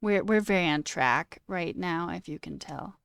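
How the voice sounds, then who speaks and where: A woman's voice: lowish voice, measured pace, creaky, clean tone, no room sound, studio quality. Playful chatty woman streamer. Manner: playful and chatty, musing aloud over word sounds; reads and answers a live chat. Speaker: livestreamer. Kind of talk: casual livestream chat.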